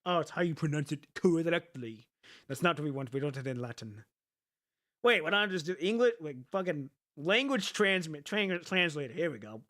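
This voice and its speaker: Rambling man thinking out loud, slightly high. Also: expressive, a little fast. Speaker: streamer. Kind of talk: casual chat to viewers.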